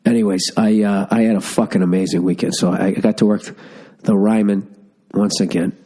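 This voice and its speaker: A somewhat low-voiced, middle-aged man, his nose audibly stuffed up from a cold. He rants and tells stories into a podcast mic in a loose, profane, animated way. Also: brisk, breathy edge. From Massachusetts. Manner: profane, ranting, storytelling, animated asides. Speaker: podcast host. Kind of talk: casual solo podcast rant. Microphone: studio podcast mic.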